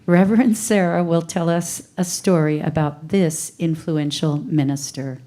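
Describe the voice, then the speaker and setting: A woman reading an introduction in a worship service in a measured way. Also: deep voice, fairly even intonation, warm tone. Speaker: service reader.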